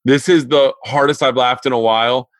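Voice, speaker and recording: A comedian in his forties hosts a relaxed chat podcast and tells stories in a loose, casual way, often laughing along. His voice sits in the middle range for a man, and the recording is dry and close, with no room echo. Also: medium pitch, normal speed. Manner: laughs often, reacts a lot, casual storyteller.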